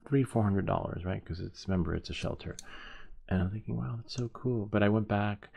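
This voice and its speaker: A man's voice: on the low side, creaky, a little mellow. A man hosting a soldering live stream who tells a rambling story while he works. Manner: rambling, halting, with many restarts.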